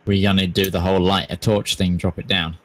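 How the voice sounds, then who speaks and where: Male player, lowish voice, relaxed questioning delivery. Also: brisk, low-quality recording. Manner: casual, questioning. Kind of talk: casual tabletop play.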